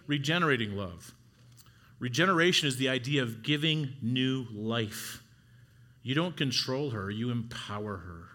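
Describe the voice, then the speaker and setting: A man's voice: mid-range voice, moderate pace, sharp tone. A middle-aged man preaching an earnest sermon to husbands, urging them on with rising exhortations. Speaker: pastor.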